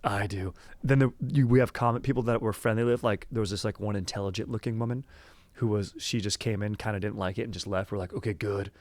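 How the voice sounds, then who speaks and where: A young man hosting a casual comedy podcast, excitable, swearing and saying "dude" often. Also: fairly low pitch, quick pace, no room sound. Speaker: podcast host. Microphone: headphones on.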